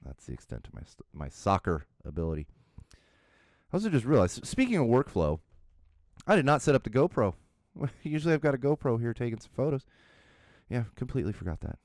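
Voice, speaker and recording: A man's voice: medium pitch, fairly quick, long pauses, no room sound, clean studio sound. A middle-aged man hosting a podcast, telling funny stories about himself in a casual, chuckling way. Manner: animated, chuckling, self-deprecating anecdotes. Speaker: podcast host. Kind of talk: casual solo podcast storytelling.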